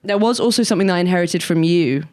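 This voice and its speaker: A woman's voice: fairly low pitch, racing, a little mellow, no echo, studio quality. A young woman co-hosting a podcast, telling stories in a chatty way with lots of "like". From England. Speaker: podcast co-host. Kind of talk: casual chat.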